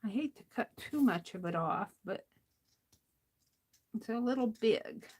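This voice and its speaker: An older woman with a fairly high voice chats slowly and easily as she crafts on a livestream. She talks to herself about her work and answers her viewers, laughing often. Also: lively intonation, low-quality recording. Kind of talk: casual crafting chat while reading viewer comments.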